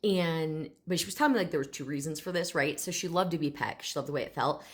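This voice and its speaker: Chatty low-voiced woman telling a story. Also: fast. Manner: chatty, filler-heavy, enthusiastic. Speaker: animal communicator. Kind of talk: casual storytelling to camera.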